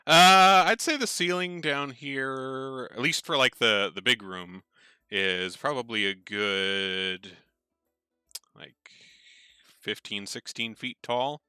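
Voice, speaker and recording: A man's voice: lowish voice, pushed and bright, smooth, dry recording. A man running a tabletop game as game master, narrating casually with lots of fillers and easy laughter. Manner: casual, rambling with many fillers, laughs easily.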